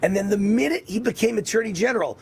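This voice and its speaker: Raspy, excitable talk show host man. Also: high voice, quick pace. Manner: emphatic, repetitive, excitable. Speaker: radio and TV host. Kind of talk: political talk show monologue.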